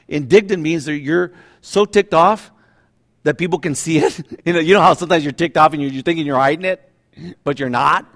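A middle-aged man pastor preaching a sermon in a conversational, animated way, acting out voices now and then. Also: on the high side, brisk.

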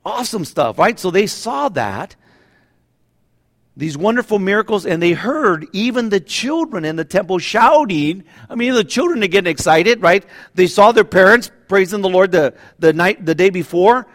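A middle-aged man pastor preaching a sermon in a conversational, animated way, acting out voices now and then. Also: high-pitched, moderate pace.

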